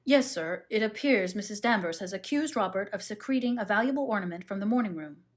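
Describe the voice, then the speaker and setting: A woman's voice: mid-range voice, expressive, a little fast, lightly acted. Woman reading stiff deferential old butler, solemn formal tone, storybook reading.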